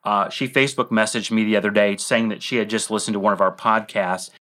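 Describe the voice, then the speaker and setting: A man's voice: on the low side, fairly even intonation, quick pace, sharp tone. A middle-aged man co-hosting a podcast, telling a long rambling story with tangents and self-deprecating asides. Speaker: podcast co-host.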